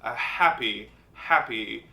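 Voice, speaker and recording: A man co-hosts a casual podcast in a playful, rambling, often profane way. His voice is very bright and forward, and the room around him rings with a noticeable echo. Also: mid-range voice, slow pace, gravelly. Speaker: podcast co-host. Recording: roomy echo.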